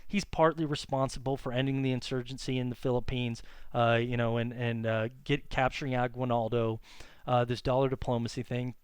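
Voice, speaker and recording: A male history teacher giving a conversational classroom lecture, full of fillers and quick self-corrections. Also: mid-range voice, fairly even intonation, smooth, no room sound.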